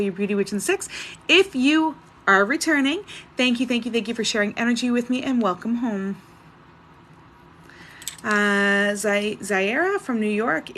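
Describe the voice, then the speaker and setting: Woman livestream psychic, mid-range voice, brisk chatty delivery. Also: medium pitch, a bit bright, a little hiss or hum. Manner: brisk, chatty, reads names and questions off. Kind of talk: live-stream Q&A reading.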